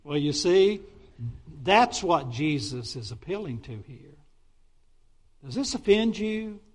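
A middle-aged man, a Baptist pastor, preaching a sermon in an animated way, with sudden excited outbursts and many stumbling restarts. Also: a little high, slow pace.

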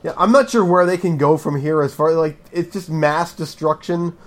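A man's voice: a little high, moderate pace. A man co-hosting a casual movie review chat, agreeable and easygoing. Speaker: podcast co-host.

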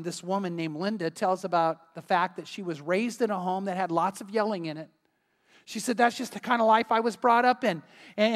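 A man preaching a sermon as pastor, earnest and emphatic, sometimes dropping to a quiet, intense tone. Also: high-pitched. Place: church sanctuary. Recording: long hall reverb.

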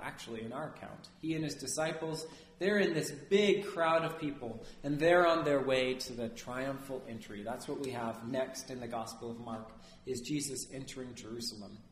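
A man preaching a sermon as a priest, lively and conversational, often asking his listeners "right?". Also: medium pitch, roomy sound, slight background noise.

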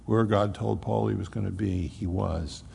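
Folksy preacher man, gravelly voice. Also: lowish voice, steady tone, moderate pace, darkish tone, in a large hall, a little hiss or hum. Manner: folksy storytelling preaching with casual asides. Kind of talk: sermon.

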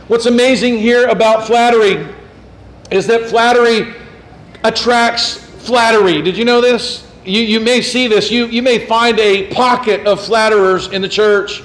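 A middle-aged pastor delivers a sermon in a notably high male voice, reading scripture aloud in old wording. He drops into soft, fawning asides when he imitates flatterers. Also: unhurried, low-quality recording. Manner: reads scripture in King James wording.

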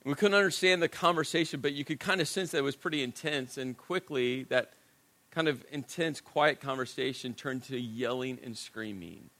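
A middle-aged man preaching a sermon, telling a personal story in a conversational, self-deprecating way and dropping to a hushed voice at serious moments. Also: medium pitch, normal speed. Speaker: pastor.

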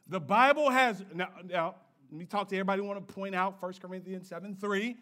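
A man's voice: sits high, fast talker, hardly any pauses, sharp tone. A male pastor preaching a sermon in a playful call-and-response style, with slang asides to the congregation.

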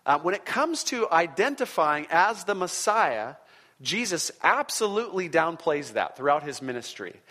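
A man's voice: fairly high pitch, sing-song, normal speed, pushed and bright. A man preaching a sermon in a conversational, emphatic way, often chuckling between points. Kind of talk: sermon teaching.

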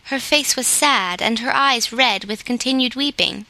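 Woman audiobook narrator, steady storytelling, bright tone, slightly high pitch. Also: unhurried, few pauses, dry recording. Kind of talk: scripted narration.

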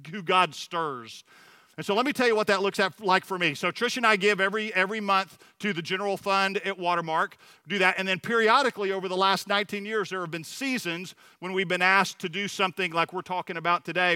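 Earnest middle-aged man preaching, bright and clear. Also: sits high, no echo. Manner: earnest, personal storytelling with frequent restarts. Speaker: church leader speaking at a Sunday service. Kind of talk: sermon.

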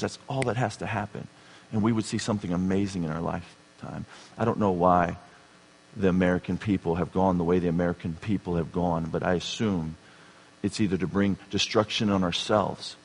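A man preaching a sermon, dropping to a hushed tone and then building to emphatic, raised passages. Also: low-pitched, slightly rough. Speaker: pastor. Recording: reverberant hall.

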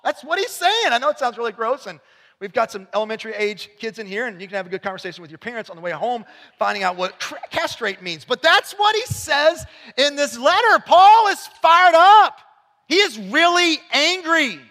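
A man preaching a sermon to his church congregation in a conversational way, dropping to quiet asides and rising to shouted emphasis. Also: extremely high pitch, sing-song, fast, big-room sound. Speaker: pastor. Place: church sanctuary.

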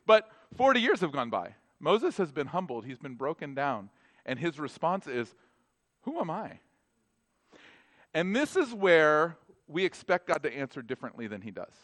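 A man preaching a sermon in a conversational, animated way, often acting out dialogue. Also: on the high side, moderate pace.

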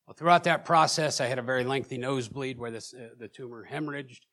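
A man preaching in a church, telling his own story with emotion, at times loud and at times hushed, often repeating words as he presses on. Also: medium pitch, steady tone, fast. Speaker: preacher sharing a personal testimony. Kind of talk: sermon testimony.

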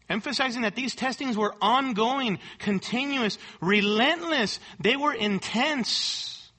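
A man's voice: high-pitched, pushed and bright, husky. A male pastor preaching a sermon, emphatic and rhetorical, repeating key words and asking the room for agreement.

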